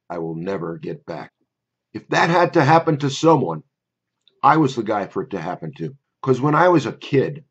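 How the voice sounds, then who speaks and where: Husky older man telling a story. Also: fairly low pitch, highs cut off. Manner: conversational, wry storyteller. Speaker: memory course instructor. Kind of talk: personal storytelling and course pitch.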